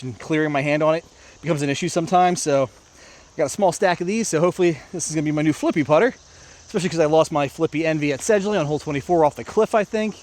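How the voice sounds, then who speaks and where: A man's voice: a little high, darkish tone. An American man casually narrating his disc golf round outdoors, talking to viewers as he plays. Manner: chatty, self-narrating, talks to viewers. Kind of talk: casual play-by-play vlog. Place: outdoor park course.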